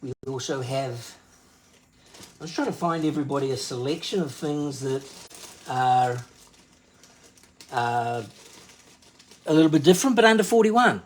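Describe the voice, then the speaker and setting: A woman's voice: rumbling low, lively intonation, measured pace, long pauses, a little hiss or hum. A woman chatting casually to viewers while selling crystals on a live stream, calling out to them by name.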